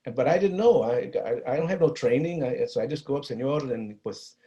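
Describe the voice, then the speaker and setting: A middle-aged man with a Chicano East Los Angeles accent, telling a personal story in a talk, earnest and halting, with many restarts and Spanish phrases. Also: mid-range voice, mellow, highs cut off. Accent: Chicano English from East Los Angeles. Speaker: guest speaker on violence prevention.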